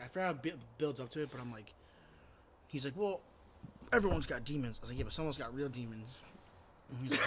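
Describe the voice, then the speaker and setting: Man, young adult, tipsy, loud laughing, swearing, podcast co-host, noisy home recording. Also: mid-range voice, lively intonation, brisk, long pauses. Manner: loud, laughing a lot, swearing, acting out quotes. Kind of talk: casual chat, telling a prank story.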